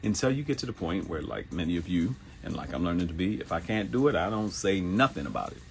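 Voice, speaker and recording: A man in his fifties hosting a live morning show, giving a motivational monologue that repeats phrases and jumps into high mock voices for quotes. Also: sing-song, fast, gravelly, slight background noise. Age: 50s.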